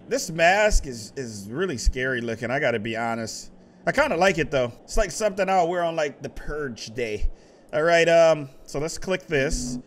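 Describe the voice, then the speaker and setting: Excitable high-voiced gaming commentator man. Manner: excitable, talks to the game, rises to loud outbursts. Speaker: gaming YouTuber. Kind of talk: let's play commentary. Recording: music from the game behind the voice.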